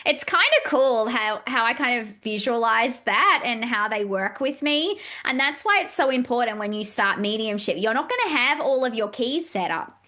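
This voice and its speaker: Chatty woman guest, bright higher voice, acts out what people said, lots of "like". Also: normal speed, few pauses. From Australia. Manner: animated, acts out quoted dialogue, many "like" fillers. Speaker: psychic medium guest. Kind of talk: casual podcast chat.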